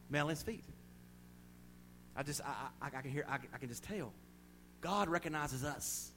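A male pastor with a Southern US accent preaching a sermon, swinging from shouted proclamation to quiet, confiding asides. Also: medium pitch, slight background noise.

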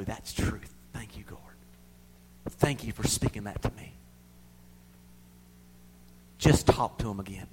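A middle-aged man preaching a sermon, swinging between loud pleading and soft near-whispers. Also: mid-range voice.

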